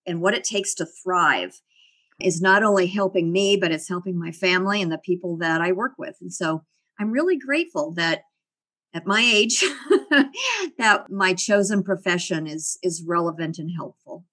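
A woman's voice: on the low side, expressive, moderate pace, fairly bright tone. A middle-aged woman talking as an interview guest, reflective and often laughing. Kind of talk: casual interview conversation.

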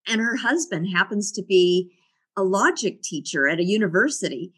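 A middle-aged guest in a casual interview has a mid-range, fairly bright voice with a breathy edge. She thoughtfully shares stories from her life, laughing a lot.

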